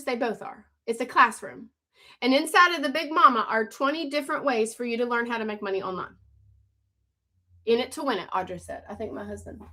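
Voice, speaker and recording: A woman hosting a phone live stream, pitching her courses fast and urgently, repeating herself and calling out viewers by name. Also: bright, forceful tone. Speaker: livestream host selling online courses.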